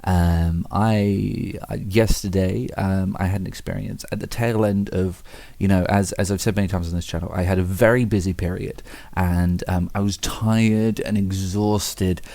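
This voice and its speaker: A man's voice: sits low, steady tone, moderate pace, gravelly, mellow, no echo. A young man talking to camera in a rambling, self-mocking way, swearing and restarting his sentences as he thinks aloud. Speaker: vlogger. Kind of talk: reflective casual monologue.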